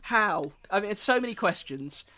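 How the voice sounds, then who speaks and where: A young man co-hosting a casual podcast, with a bright, forceful voice that sits a little high for a man. He talks haltingly, full of ums and restarts, with a wry tone. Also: animated. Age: young adult. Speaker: podcast co-host.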